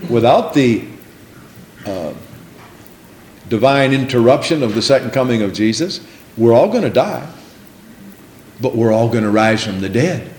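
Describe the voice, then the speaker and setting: A man's voice: medium pitch, animated, measured pace, pauses often, darkish tone, slight background noise. A man preaching a sermon, repeating lines for emphasis and calling for responses from the congregation. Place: church sanctuary. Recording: echoey room.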